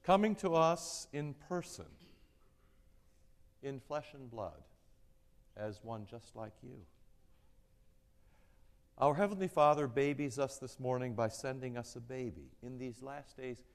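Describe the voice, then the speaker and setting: A man of mid-range pitch preaching a sermon at an unhurried, deliberate pace. His delivery is gentle and measured, and his phrases trail off softly. The sound carries the long reverb of a church hall. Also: expressive, gravelly. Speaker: pastor.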